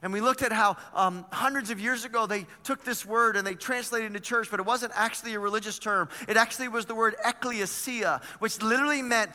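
Male pastor, animated sermon delivery, sharp high voice, reverberant sanctuary. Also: fairly quick, few pauses. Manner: energetic, animated preaching with paraphrased dialogue.

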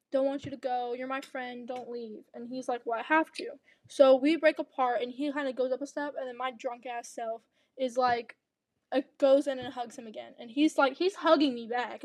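Chatty high-voiced young woman, dry close sound. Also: no room sound. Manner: chatty, rambling storytelling with many restarts. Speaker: podcast co-host. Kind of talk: casual chat.

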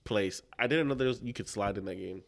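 A man with a slightly low voice co-hosting a casual podcast chat. He jumps in eagerly and keeps asking the others questions. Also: fairly quick, vocal fry. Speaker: podcast co-host.

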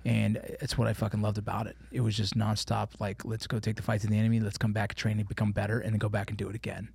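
A man in his forties telling army stories in a casual, profane, animated way as a podcast guest. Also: fairly low pitch, fast talker, vocal fry, husky, no echo, studio quality. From United States. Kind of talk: casual interview chat.

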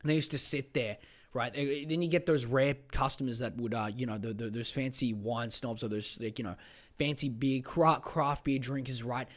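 A man's voice: medium pitch, steady tone, moderate pace. A man hosting a podcast, ranting in a sweary, exasperated, rambling way. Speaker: podcast host. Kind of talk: casual rant.

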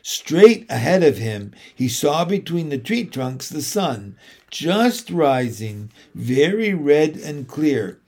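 A man reading a storybook aloud in a slow, measured and expressive way. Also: fairly high pitch. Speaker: narrator.

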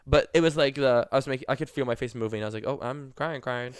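A man's voice: medium pitch, rapid-fire, clear, resonant tone, no echo, studio quality. A young man co-hosting a podcast, telling stories in chatty casual talk with lots of fillers. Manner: chatty storyteller, many fillers. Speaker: podcast co-host. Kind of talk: casual chat.

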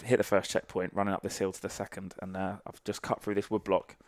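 A man's voice: deep voice, little pitch movement, fast, no echo, clean studio sound. A man, a former army sniper, telling sweary, rambling anecdotes as a guest in a casual podcast interview. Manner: salty, sweary anecdotal storytelling.

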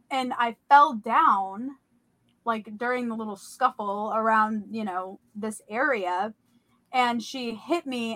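Bright, animated young woman telling a story. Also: a little high, no echo. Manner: animated, filler-heavy retelling of a dream. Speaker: podcast host. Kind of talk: casual storytelling.

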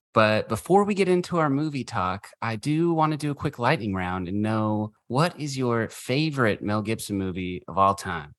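A man's voice: lowish voice, animated, moderate pace, few pauses, a bit bright, no echo, clean studio sound. A man co-hosting a casual podcast chat, leading the talk with enthusiastic, profane remarks. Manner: profane, enthusiastic, leads the discussion. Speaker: podcast co-host.

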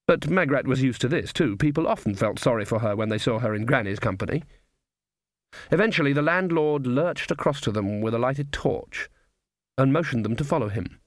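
A man narrating a comic fantasy audiobook in a dry, measured storytelling manner. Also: medium pitch, no room sound. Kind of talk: scripted narration.

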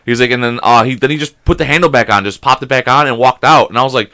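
A young man telling a story in casual chat, animated and swearing constantly. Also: medium pitch, quick pace. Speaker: podcast co-host.

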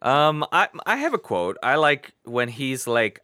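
A young man in a casual film discussion, hesitant and animated as he tells a story. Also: medium pitch, unhurried, smooth, no echo, clean studio sound.

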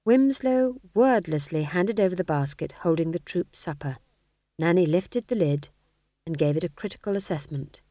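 A woman reading a comic fantasy novel aloud as the audiobook narrator, in a wry, measured storytelling manner. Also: on the low side, mellow, no room sound, studio quality. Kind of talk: scripted narration.

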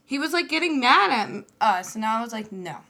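A woman in her twenties co-hosting a podcast, chatting in a relaxed way with lots of filler words. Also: a little high, fairly quick. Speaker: podcast co-host. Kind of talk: casual chat.

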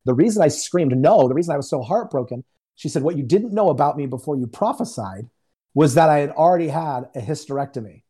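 A fast-talking man with a slightly high, mellow, husky voice uses lively intonation. Over a remote call, this guest minister tells a personal testimony in a conversational way, acting out each quoted bit of dialogue.

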